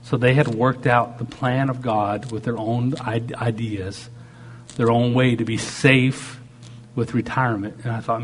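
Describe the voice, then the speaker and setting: A man's voice: medium pitch, fairly even intonation, unhurried, a little hiss or hum. A man preaching a sermon, shifting dramatically in tone and acting out the voices he quotes. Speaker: pastor.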